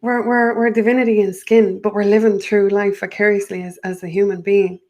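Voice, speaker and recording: An earnest woman with a lilt talks through her thoughts as a guest in a spiritual chat. She rambles and restarts often, circling back to her point with a light laugh now and then. Her pitch sits in a middle range for a woman. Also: flat delivery, a little fast, darkish tone. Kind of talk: spiritual conversation.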